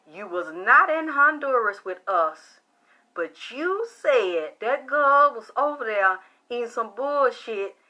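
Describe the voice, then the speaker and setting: A woman's voice: on the high side, lively intonation, slow, sharp tone, full character voice. A woman retelling a defiant young woman caller. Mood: insistent. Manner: firm, emphatic.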